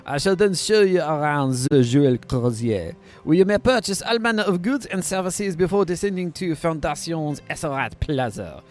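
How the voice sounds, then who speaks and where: A pompous manservant of a noble house, as a man puts him on, guides visitors in a put-on French accent. His pitch sits fairly high and swoops about with lively rises and falls. A faint bed of music plays behind the game dialogue. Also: normal speed, hardly any pauses, lightly acted. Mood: stately. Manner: stately, formal tour-guide delivery with stumbles. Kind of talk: reading game dialogue aloud.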